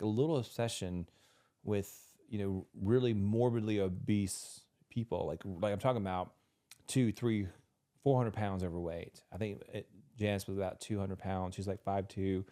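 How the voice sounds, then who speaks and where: A man with a lowish voice talks on a podcast in casual conversation. He is earnest and emotional, and he often restarts his sentences as he tells a personal story. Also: mellow. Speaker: podcast co-host.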